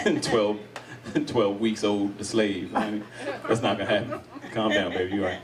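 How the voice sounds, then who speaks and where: A middle-aged American comic performs at a live venue with an audience, doing crowd work while laughing often, staying animated, and imitating other voices. His voice is fairly low and measured, picked up by a distant mic.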